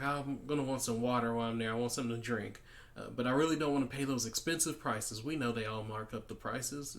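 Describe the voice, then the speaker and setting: Man musing in an easygoing monologue. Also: medium pitch. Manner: conversational, with restarts and acted-out example dialogue. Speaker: podcast host. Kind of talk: casual monologue giving life advice.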